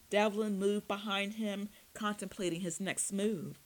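A woman reading a dark fantasy story aloud in steady audiobook narration. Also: mid-range voice, measured pace, poor audio.

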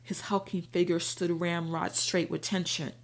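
A woman narrates a first-person audiobook in a steady, even way. Her voice sits low with a noticeable creaky, gravelly grain. She tells the story at an unhurried storytelling pace.

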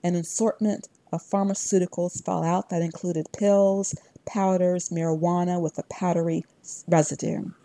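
A woman narrating a first-person fantasy audiobook in a steady, even storytelling voice on a close mic. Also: on the low side, moderate pace.

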